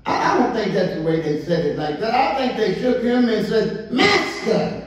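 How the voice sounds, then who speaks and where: A man preaching a sermon as pastor, drawing out his words and rising into excited calls to the congregation. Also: high voice, normal speed. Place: church sanctuary. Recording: echoey church from far off.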